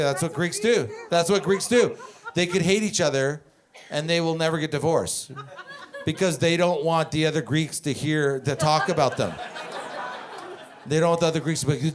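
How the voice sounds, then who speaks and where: A male stand-up comedian on a club stage, telling stories with lots of swearing and a lively, animated delivery. His voice sits a little higher than most men's, and he breaks off now and then to talk with the crowd. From Canada. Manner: profane, animated storytelling with crowd work.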